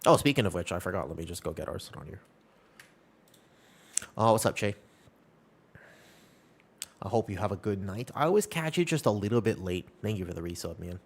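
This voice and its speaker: With a deep, expressive voice, this young live streamer talks fairly quickly and pauses often. He rambles casually to his viewers while playing a game, keeping things upbeat and reassuring.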